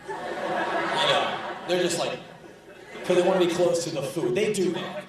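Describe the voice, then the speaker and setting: A man's voice: a little high, measured pace, long pauses, very noisy. A man performing a profane, sardonic spoken word story on stage. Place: large live venue. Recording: echoey live hall, distant, audience laughing.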